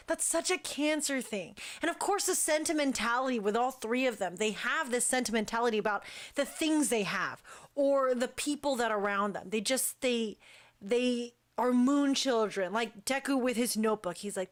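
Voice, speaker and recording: A young woman hosting a casual talk show, chatting in an animated, gushing way and jumping up in pitch for emphasis. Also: moderate pace. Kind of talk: casual chat.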